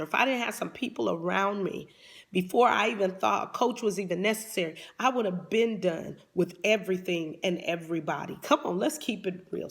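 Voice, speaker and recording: A woman's voice: medium pitch, a bit bright. A woman life coach giving a motivational talk in a fervent preaching cadence, often repeating "come on".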